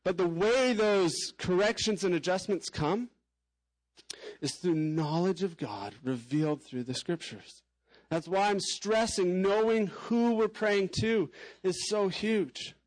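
A man's voice: sits high, slow, poor audio. A man preaching a sermon as a pastor, candid and conversational, with frequent casual fillers.

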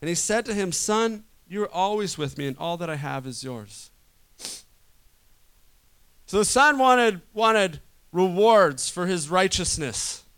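Man, pastor, sermon, high-pitched, resonant, shifts loud to soft. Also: animated, unhurried, clear, resonant tone. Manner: preaching with wide swings from loud to soft.

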